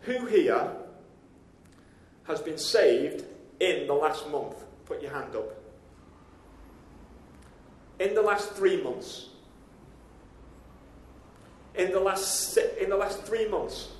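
A pastor with a high, light voice delivers a conversational sermon. He keeps turning to the congregation with direct questions. The sound is echoey, as if it were caught in a church hall. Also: animated, slow pace, pauses often.

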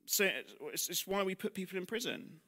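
A man's voice: high-pitched, brisk, bright, forceful tone. A man preaching a sermon in church, talking conversationally with rhetorical questions and self-deprecating asides, dropping almost to a whisper on heavy lines.

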